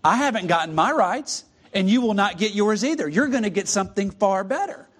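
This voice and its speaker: A preacher putting on a kindly redeemed man who speaks gently and patiently, raised in pitch. His tone is coaxing and calm. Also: a little fast, husky.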